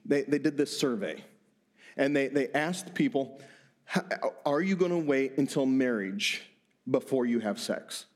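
Animated middle-aged male pastor preaching. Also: mid-range voice. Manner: animated preaching with quick bursts and repeated words. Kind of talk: sermon.

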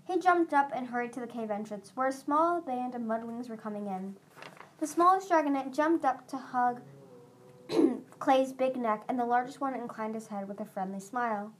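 A woman's voice: a little high, moderate pace, slight background noise. Woman reading a storybook aloud. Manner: steady reading with small slips and restarts. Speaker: audiobook reader. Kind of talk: storybook narration.

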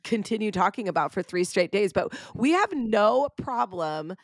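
A woman's voice: mid-range voice, big pitch swings, normal speed, no room sound, studio quality. A young adult woman hosting a podcast, chatting casually with her guest, laughing often and talking straight to her listeners. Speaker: podcast host. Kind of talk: casual chat.

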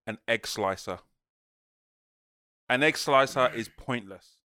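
A man's voice: medium pitch, slow, sharp tone. A man co-hosting a podcast, playful and laughing in casual banter. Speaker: podcast co-host.

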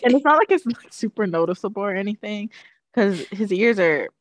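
A woman chatting casually and telling an animated story, acting out the people she quotes. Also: medium pitch, a little fast, dry recording. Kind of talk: casual chat.

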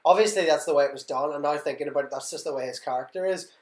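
A young man chats quickly on a podcast, his voice sitting a little high. He rambles and trails off mid-thought. The recording sounds roomy and echoey. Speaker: podcast host. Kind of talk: casual chat. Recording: echoey room.

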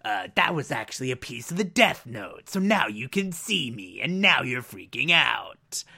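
A man voicing a calm, amused male death god in a low, quiet, drawling murmur. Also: normal speed, gravelly, husky, exaggerated voice.

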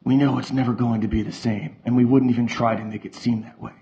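A man's voice: mid-range voice, fairly even intonation, fast talker, mellow, natural voice. A man voicing a caring uncle who speaks in a reassuring way. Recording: slightly muffled.

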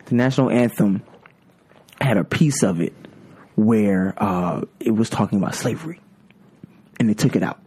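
Husky, animated man chatting on a podcast. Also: lowish voice. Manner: animated, quick to laugh, stammering restarts. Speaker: podcast guest. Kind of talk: casual chat.

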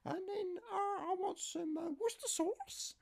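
A man doing a squeaky fussy young niece. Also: measured pace, gravelly, a little mellow, exaggerated voice. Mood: demanding. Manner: high squeaky falsetto, pleading.

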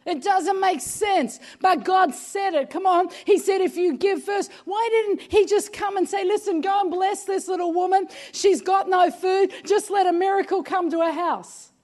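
Woman pastor, very high voice, emphatic sermon delivery, repeats "come on". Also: normal speed, few pauses, a little mellow. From Australia. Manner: emphatic, repeats "come on", often raises her voice.

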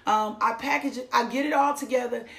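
A middle-aged woman gives a church testimony in a high, bright register. She talks emphatically and circles back to repeat her phrases. Her voice rings out in an echoey church hall. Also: fairly even intonation, a little fast, vocal fry. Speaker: testimony speaker. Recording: echoey room.

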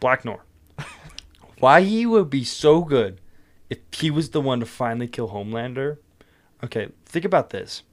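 A man's voice: mid-range voice, lively intonation, a little slow, long pauses. A man co-hosting a podcast in casual chat, rambling and profane, with many fillers. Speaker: podcast co-host.

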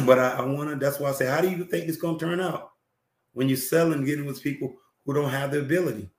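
Fast and steady in tone, with a voice that's a little high, this male talk show host lectures emphatically on relationships, repeating phrases and often clearing his throat. The room is echoey.

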